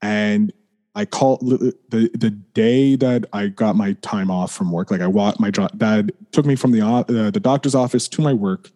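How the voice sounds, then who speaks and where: A man with a fairly low, mellow, unhurried voice tells his story as a podcast guest. He rambles, fills gaps with "like", restarts his sentences, and sometimes swears and then apologizes. On the painful parts his voice sinks lower and quieter. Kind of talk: candid personal storytelling.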